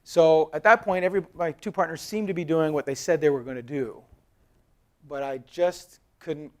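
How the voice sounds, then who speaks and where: At a conference hall, a man in his thirties speaks live in a conversational way, telling animated stories, voicing quoted dialogue, and joking with his audience. His voice is on the high side at a normal speed.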